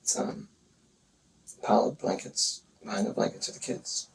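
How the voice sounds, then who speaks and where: A man recounting events in a police interview, speaking haltingly and hesitantly with many pauses. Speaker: murder suspect in a police interview. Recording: distant interview recording with faint noise.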